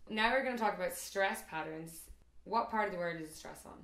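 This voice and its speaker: A woman's voice: fairly low pitch, brisk, a bit bright. A young Irish woman hosting a casual language lesson, asking eager, curious questions. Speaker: host and Irish teacher. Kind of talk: casual explanatory chat. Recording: roomy echo.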